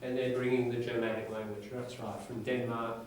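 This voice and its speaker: A man's voice: mid-range voice, flat delivery, a little fast, darkish tone, a little hiss or hum. A man teaching an English class, explaining in short phrases and checking in with his students. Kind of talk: classroom lecture with reading aloud. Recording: echoey classroom from far off.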